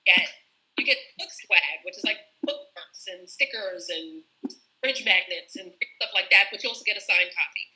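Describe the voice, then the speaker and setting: A woman's voice: fairly low pitch, normal speed, bright, forceful tone, poor audio. A woman who writes children's books, chatting casually on a live video stream, with many restarts and fillers. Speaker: children's book author. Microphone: phone or laptop on a live video stream.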